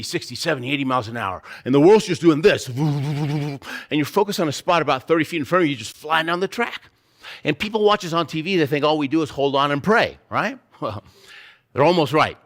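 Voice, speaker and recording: A man's voice: on the high side, fairly bright tone. A man giving a motivational keynote, telling a vivid, dramatic story with sound effects and emphatic rhetorical questions. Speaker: keynote speaker.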